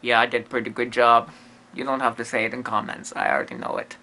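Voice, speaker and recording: Man doing a goofy ghost medium, broken english with dropped articles, bright voice that swings up and down a lot. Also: mid-range voice, big pitch swings, fast talker, creaky, heavily acted. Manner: broken English that drops articles, rambling asides. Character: quirky lonely male ghost medium, self-amused and rambling. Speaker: comedy vlogger in character. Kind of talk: comedy character monologue.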